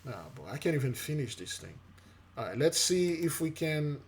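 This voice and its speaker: A man giving casual spoken commentary with a preachy edge, halting often with fillers and restarts while reading news aloud. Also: a little high, very animated, husky. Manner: preachy, addresses listeners as beloved.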